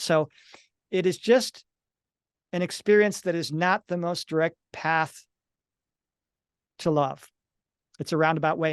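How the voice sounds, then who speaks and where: A man's voice: fairly high pitch, vocal fry, no echo, studio quality. A middle-aged man, an author and analyst of near-death experiences, giving earnest, explanatory interview answers and sometimes acting out little scenes. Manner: earnest, explanatory, acts out little quoted dialogues.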